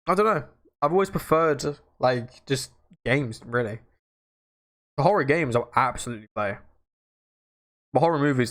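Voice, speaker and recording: Young man rambling on a livestream. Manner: rambling, slangy, laughs, swings between loud outbursts and low mutters. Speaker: livestream host chatting with viewers. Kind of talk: casual livestream chat.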